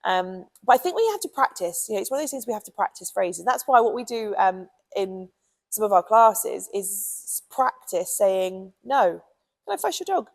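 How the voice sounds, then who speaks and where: A British woman with a gravelly, fry-edged voice chatting casually as a dog trainer. She talks in a loose, friendly way, filling gaps with ums and you knows. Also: medium pitch, expressive, moderate pace, rough recording. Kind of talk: casual advice talk.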